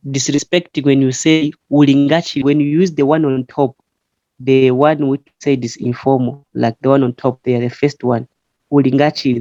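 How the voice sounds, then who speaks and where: A man from Zambia teaching a language in an online class, explaining slowly and patiently with frequent fillers. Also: medium pitch, warm tone, no room sound. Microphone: online call. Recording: muffled online call audio.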